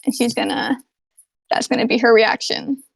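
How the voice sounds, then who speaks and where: A woman's voice: fairly high pitch, very animated, normal speed, vocal fry, breathy edge, no echo. Rambling woman player, dry close sound. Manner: rambling, explanatory with fillers like 'kinda, like'. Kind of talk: describing her character's actions.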